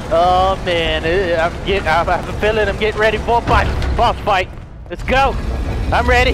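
A man giving frantic gaming commentary, swearing and yelling in panic, repeating himself as he plays. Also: sits high, fairly even intonation, normal speed. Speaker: video game let's player. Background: game music.

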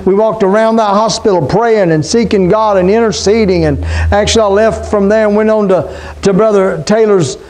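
This is a middle-aged pastor, preaching in a high-pitched voice. He keeps it conversational, tossing questions and call-outs to the people in front of him. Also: moderate pace, hardly any pauses, a little mellow. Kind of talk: sermon.

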